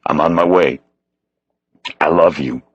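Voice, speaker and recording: A commanding police detective, voiced by a male narrator close to his own voice, firm and urgent. The voice sits very low and husky on a dry, close read. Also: unhurried, dry recording, dull audio, exaggerated voice.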